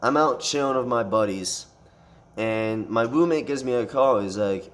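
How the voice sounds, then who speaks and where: A man's voice: mid-range voice, normal speed. A man recounts a fight in a loose storytime monologue. He swears in nearly every line and circles back on himself with restarts and fillers as he tells it. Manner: profane, animated retelling with frequent swearing.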